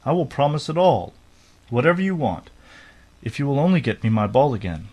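A man's voice: mid-range voice, very animated, fairly quick, a little mellow, husky, voice pushed up. A man voicing a spoiled, fretful young princess in a storybook reading. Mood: eager.

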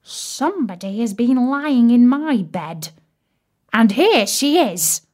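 A woman's voice: a little high, lively intonation, slow pace, darkish tone, voice pushed up. Woman doing a tiny bear cub's voice. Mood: excited. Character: tiny young male bear cub, plaintive.

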